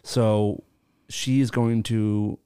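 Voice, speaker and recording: A man's voice: fairly low pitch, little pitch movement, very slow, dark tone, clean tone. A middle-aged man hosting a podcast, chatting casually with loose jokes and free swearing. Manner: loose and joking, swears freely. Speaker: podcast host. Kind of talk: casual comedic chat.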